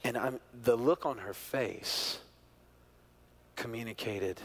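A middle-aged male pastor preaching a sermon, telling a family story, moving from hushed, quiet moments to loud, excited peaks. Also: mid-range voice, slow pace, pauses often. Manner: animated storyteller, swings from hushed to near-shouting.

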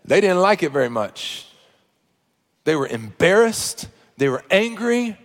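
High-voiced man preaching in a hall. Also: sing-song, moderate pace. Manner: storytelling, shifting from hushed to loud preaching. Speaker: pastor. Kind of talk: sermon.

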